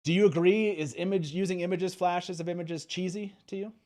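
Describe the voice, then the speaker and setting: Man, host of a live call-in show, slightly high voice, chatty and quick to laugh. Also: steady tone, darkish tone. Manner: laughs often, quick asides.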